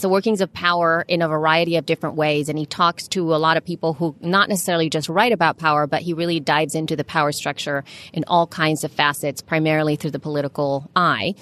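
Woman podcast co-host; slightly low voice, relaxed, rambly, lots of fillers. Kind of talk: casual chat.

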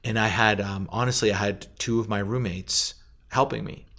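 Low-voiced man telling a founder story. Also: moderate pace. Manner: animated, acts out quoted voices, many fillers. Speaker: food company founder, guest. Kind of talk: casual storytelling interview.

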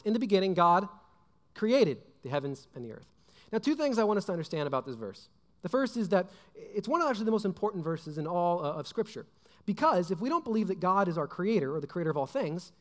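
A young adult man giving a casual sermon, chatty and full of fillers like "like" and "right?". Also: sits high. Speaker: preacher. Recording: long hall reverb.

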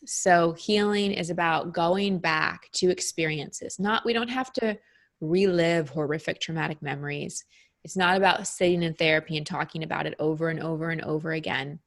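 A middle-aged woman speaking as an interview guest, explaining her ideas in a reflective, even way. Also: lowish voice, normal speed. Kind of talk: interview conversation.

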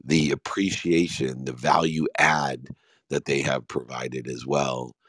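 Very deep-voiced man in his fifties. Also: fairly even intonation, takes it slowly, fairly bright tone, no room sound. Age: 50s. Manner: emphatic, heartfelt, motivational. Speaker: host and business speaker. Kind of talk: live audio room Q&A.

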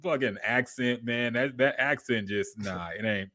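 A man's voice: mid-range voice, a little slow, bright, forceful tone. A man co-hosting a podcast, chatting casually in a laid-back, slangy, profane way. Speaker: podcast co-host.

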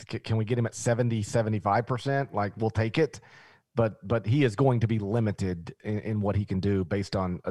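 Animated Memphis-accented man talking sports. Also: on the low side, no room sound. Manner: animated, rambling with restarts. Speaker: podcast co-host. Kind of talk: casual sports chat.

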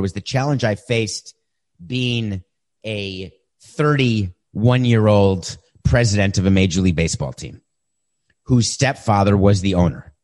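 A man in his fifties hosting a podcast, answering listener questions in a direct, conversational way and telling stories. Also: on the low side. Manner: direct, conversational, animated when retelling. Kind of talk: casual storytelling.

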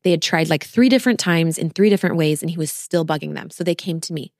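A woman's voice: sits low, fast, a little mellow, no room sound, clean studio sound. A woman in her thirties hosting a podcast, talking earnestly and directly to her listeners as a postpartum coach. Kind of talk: casual solo podcast talk.

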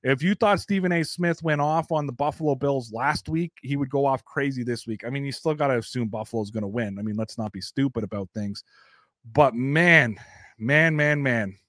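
A man's voice: medium pitch, moderate pace, fairly bright tone, no room sound, clean studio sound. A young Canadian man with a Canadian accent, hosting a casual sports talk show and giving blunt, profane, rambling opinions. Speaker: sports podcast host.

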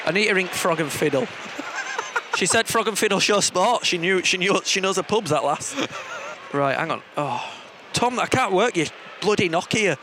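A man's voice: sits high, lively intonation, normal speed, noisy background. A man with a Yorkshire accent co-hosting a football radio show, bantering and making jokey phone calls live from a stadium. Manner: jokey, chatty, laughs often.

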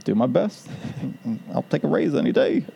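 Mellow-voiced man hosting a casual podcast. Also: on the high side, wildly swooping pitch, measured pace, vocal fry, slightly rough. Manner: rambling, laughs at his own ideas. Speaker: podcast co-host.

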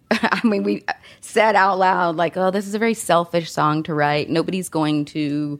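A woman's voice: lowish voice, steady tone, moderate pace. A woman in her fifties, a guest musician, talking candidly in a casual interview and laughing often.

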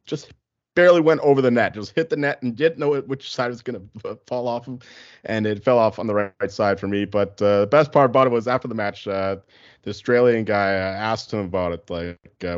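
A man's voice: fairly low pitch, brisk, no echo, dull audio. Laid-back rambling podcast guy. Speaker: podcast co-host. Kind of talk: casual sports podcast chat.

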